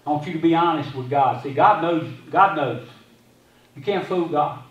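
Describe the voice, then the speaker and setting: A man preaching a sermon as pastor, quoting scripture and repeating phrases, swinging between loud and hushed delivery. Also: fairly high pitch, normal speed, lo-fi sound. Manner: quotes scripture. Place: church sanctuary. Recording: echoey sanctuary from a distance.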